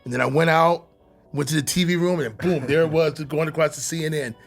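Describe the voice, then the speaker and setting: A man in his fifties from Atlanta, a podcast guest telling a story in a casual, animated way, laughing and swearing often. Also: on the high side, brisk, vocal fry, soft background music. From Atlanta, USA. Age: 50s.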